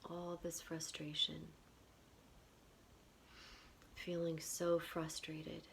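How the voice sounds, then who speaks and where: A woman guiding a tapping session in a whispered role-play, speaking slow phrases for the listener to repeat. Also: low-pitched, completely flat delivery, vocal fry, fairly bright tone, slight background noise. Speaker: EFT tapping guide.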